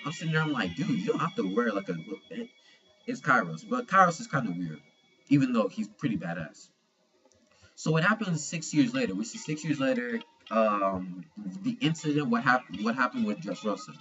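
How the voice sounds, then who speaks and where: A man's voice: medium pitch, very animated, moderate pace, pushed and bright, lo-fi sound, faint music behind. A young man giving a casual manga chapter review, slangy and profane, retelling scenes with animation.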